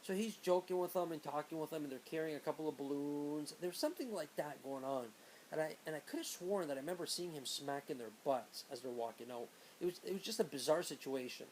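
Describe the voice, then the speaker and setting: A man's voice: on the high side, animated, fairly quick, darkish tone, slight background noise, rough recording. A man in his late thirties telling a story from his youth in a casual, rambling way, full of asides. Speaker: vlogger.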